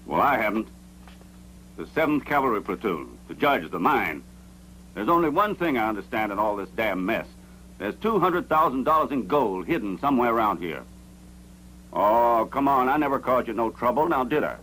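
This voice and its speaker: A greedy old soldier, blunt and pushy, voice swings up and down a lot. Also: male voice, medium pitch, big pitch swings, moderate pace, fairly bright tone, a little hiss or hum, rough recording. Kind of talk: dubbed 1970s western film acting.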